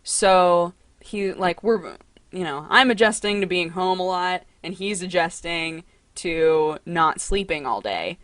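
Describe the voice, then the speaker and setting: A young woman hosting a casual livestream from home. She talks in a chatty, excitable way and coos to her cat. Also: fairly low pitch, takes it slowly, no room sound. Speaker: livestream host.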